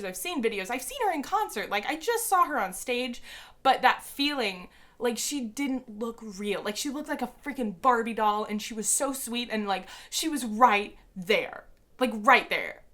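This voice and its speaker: A woman in her twenties telling a story to camera in a gushing, excitable way, with a lot of "like". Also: on the high side, moderate pace. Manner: excitable, gushing, heavy use of "like". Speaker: vlogger. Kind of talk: casual storytelling.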